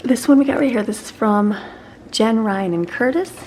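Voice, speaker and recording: A woman's voice: a little high, animated, moderate pace, a little mellow, a little hiss or hum. A woman, a homeschooling mom, chatting casually and cheerfully in a vlog from her home kitchen. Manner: upbeat, chatty, gushing.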